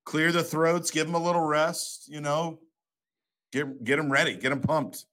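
A man's voice: on the high side, steady tone, normal speed, a bit bright. Upbeat male podcast co-host. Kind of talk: casual chat.

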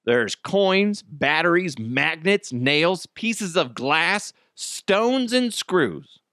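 A man riffs loosely on strange headlines, laughing and swearing as he goes. His pitch swings up and down a lot, and the close mic sounds dry. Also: sing-song, drawn-out words, fairly bright tone, no room sound. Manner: laughing, joking, profane. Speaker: podcast host. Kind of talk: casual comedic commentary.

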